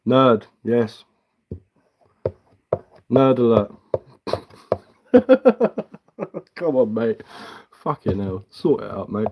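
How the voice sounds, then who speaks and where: A man's voice: medium pitch, very animated, slow, pauses often, darkish tone, a little hiss or hum. Sarcastic man on a live stream. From England. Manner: mocking, sarcastic, blunt. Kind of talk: live stream reading chat while carving.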